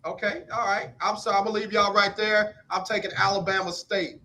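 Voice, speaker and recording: A man hosting a casual radio sports talk show, brisk and upbeat, calling on guests by name for their picks. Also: high-pitched, flat delivery, pushed and bright, low-quality recording.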